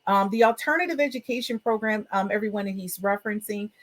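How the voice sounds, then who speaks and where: A woman's voice: mid-range voice, fast. A woman hosting an education podcast, chatty and upbeat, with frequent fillers. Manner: expressive and emotional. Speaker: podcast host. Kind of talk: casual podcast talk.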